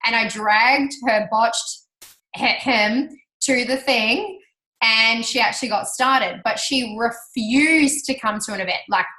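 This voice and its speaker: A woman telling a personal story to an audience, chatty and animated, laughing often and acting out what people said. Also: on the high side, slow pace. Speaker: speaker sharing her business success story. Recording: roomy hall reverb.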